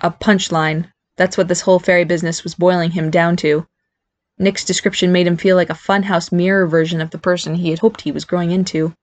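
A woman's voice: fairly low pitch, level tone, brisk, no echo. Woman reading a story aloud, dry sound. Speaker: audiobook narrator. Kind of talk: scripted narration.

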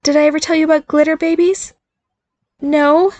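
A woman's voice: high voice, flat delivery, normal speed, darkish tone, no room sound, voice pushed up, natural voice. A woman voicing an eager, nervous fairy godmother mother who chatters and reassures, in an audiobook reading. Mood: chatty, anxious. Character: cheerful, nervous middle-aged fairy godmother mom.

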